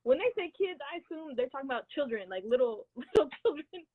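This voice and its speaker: A young woman from the United States, co-hosting a casual chat and telling a story in a lively way, laughing often. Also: high voice, a little fast. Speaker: co-host. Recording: tinny phone-like line.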